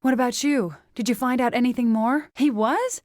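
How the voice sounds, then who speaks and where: A stubborn young farmer woman from a fantasy game, voiced by an actress, guarded and prickly, often breaking off her thoughts. Her voice sits fairly high. It is recorded dry and close, with no room sound. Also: a little mellow, dry recording, natural voice. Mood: warm. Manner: hesitant, many "well" pauses, defensive. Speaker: game companion character. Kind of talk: video game voice acting.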